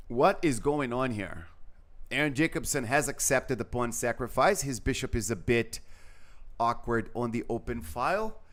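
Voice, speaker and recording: Chatty male chess commentator, rambling, lots of fillers, mid-pitched. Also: a bit bright. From Brazil. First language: Portuguese. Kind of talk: live game commentary.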